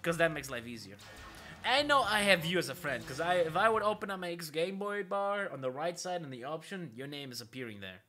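An excitable man commentates his own arcade racing run for viewers. His voice sits fairly high and swings widely in pitch, jumping from loud yelps to muttered asides. Loud game music plays under him. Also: a little fast. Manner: excitable, animated, chatting to viewers, swears casually. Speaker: streamer. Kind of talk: live gameplay commentary.

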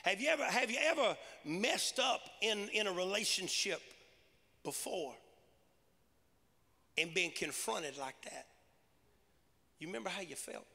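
A man's voice: high-pitched, lively intonation, a little slow, gravelly, pauses often, sharp tone, in a large hall. A male pastor preaching a sermon in a church, punchy and conversational, with casual everyday grammar. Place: large church sanctuary.

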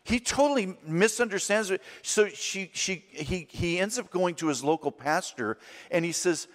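A man's voice: sits high, moderate pace. A middle-aged man from Southern California preaching a sermon as a guest speaker. He tells stories and acts out the voices in them. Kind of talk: storytelling sermon. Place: church sanctuary. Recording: long reverb of a large church hall.

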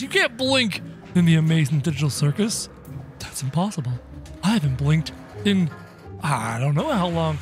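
A man giving playful, animated gameplay commentary in character as the game hero, breaking into sudden yelps and shouts. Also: high voice. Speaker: gaming video creator. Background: game music.

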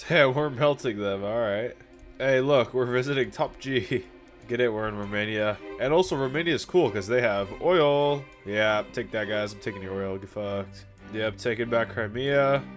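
A man's voice: mid-range voice, a bit bright. A man giving casual, joking commentary on a strategy game and chatting to his viewers. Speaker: gaming YouTuber.

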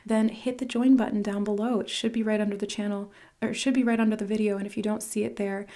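On her own channel, a woman gives an earnest, gushing tarot reading to camera in a casual spiritual style, dropping to a whisper for emphasis. Her voice is medium-pitched, level, fast and dark.

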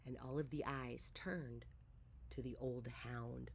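A woman reading a children's picture book aloud, with expressive storytelling. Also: extremely low pitch, slow, creaky, breathy edge.

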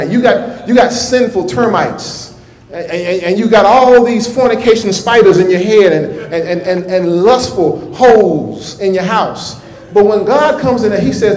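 High-voiced folksy preacher in an echoey church. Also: male voice, a little mellow. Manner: folksy, repetitive, rhythmic preaching. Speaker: minister. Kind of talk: sermon.

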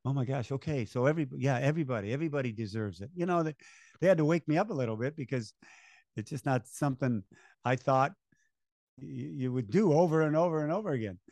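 Speaking quickly in a medium-pitched voice, an older race announcer spins stories during an interview, chuckling and performing the voices of those he quotes. The recording has no room sound.

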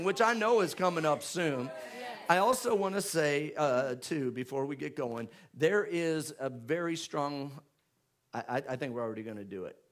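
A man, a pastor making church announcements in a chatty, joking way before rising into loud, fervent prayer. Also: medium pitch. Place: church sanctuary with live congregation.

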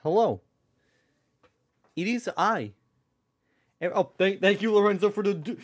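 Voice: mid-range voice, unhurried, long pauses. A live streamer chatting casually from their own room at home, rambling, swearing often and keeping their voice down. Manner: keeps voice down to avoid being loud. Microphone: desk microphone with lowered sensitivity.

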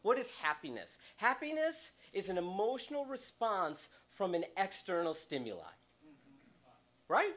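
A male preacher delivering a sermon from a church, his voice swinging widely in pitch as he gets excited. He talks in an animated way, laughs often, and acts out the people in his stories. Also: unhurried. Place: church sanctuary.

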